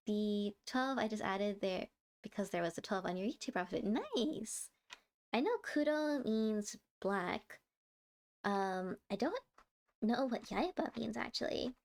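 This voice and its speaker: A woman's voice: medium pitch, darkish tone. A woman with an American accent chatting casually on a livestream, reading chat aloud and laughing often. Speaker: streamer.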